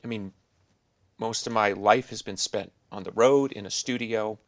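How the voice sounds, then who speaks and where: A man's voice: lowish voice, moderate pace, no echo. A middle-aged man hosting a podcast, talking in a thoughtful, rambling, musing way. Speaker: podcast host. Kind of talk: casual interview chat.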